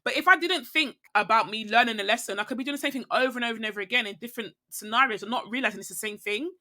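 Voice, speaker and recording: A woman's voice: a little high, racing, bright, forceful tone. A young woman who is a podcast guest, talking reflectively and rambling, often checking in with the listener. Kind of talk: reflective casual conversation.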